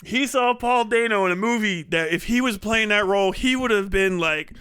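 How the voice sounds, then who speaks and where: A man's voice: high voice, normal speed, very noisy. A man livestreaming a rambling, profane comedic rant, laughing often and slipping into impressions.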